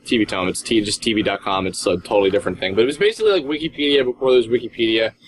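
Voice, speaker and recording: A man's voice: on the low side, rapid-fire, a little hiss or hum, low-quality recording. A man, a guest voice actor, chatting casually in an interview and telling long, rambling stories that he keeps interrupting himself in. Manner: rambling, self-interrupting storyteller.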